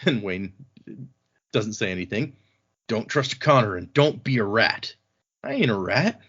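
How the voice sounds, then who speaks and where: A man's voice: lowish voice, very animated, a little slow, a bit bright, slightly rough. A man hosting a podcast, casually recapping book chapters, laughing often and slipping into voices for quotes. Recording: dull lo-fi sound.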